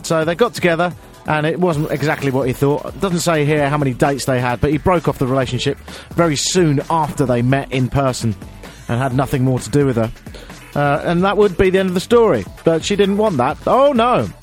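A man hosting a radio show, telling a story in a chatty, animated, self-mocking way with bursts of silly high voices. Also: brisk, soft background music. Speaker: radio presenter.

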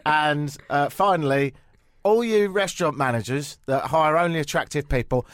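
A man's voice: a little high, normal speed, a bit bright, dry recording, clean studio sound. A man hosting a radio talk show, talking casually with a wry, sarcastic edge. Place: radio studio. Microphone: studio microphone.

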